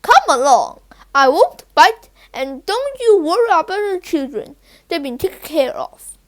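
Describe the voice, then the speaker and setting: A woman's voice: very high voice, sing-song, measured pace, exaggerated voice. A woman doing a spooky, theatrical bat-costumed teacher. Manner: dramatic, spooky, welcoming.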